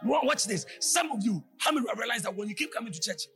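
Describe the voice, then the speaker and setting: A man preaching a fervent sermon, often shouting and sliding into a sing-song cadence. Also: very high-pitched, expressive, very fast, over music.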